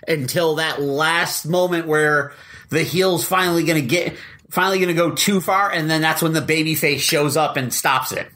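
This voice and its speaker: A man's voice: on the high side, moderate pace, sharp tone. A man hosting a podcast, chatting casually and reacting with short replies. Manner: short back-channel reactions. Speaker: podcast host.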